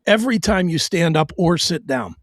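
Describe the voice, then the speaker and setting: A man's voice: fairly high pitch, expressive, moderate pace, dry recording, clean studio sound. A middle-aged man on his own show, telling a hard personal story bluntly and profanely, with stammered restarts.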